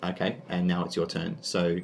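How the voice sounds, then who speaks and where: A man's voice: deep voice, monotone, moderate pace, gravelly, slight background noise. A man with an Australian accent narrating a tabletop game as game master, laid-back and full of fillers.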